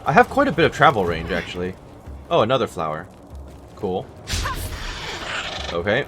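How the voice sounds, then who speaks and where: A man's voice: on the low side, big pitch swings, moderate pace, a bit bright, a little hiss or hum. A man giving casual gameplay commentary, with wry asides muttered to himself. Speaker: gameplay video host. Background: game music.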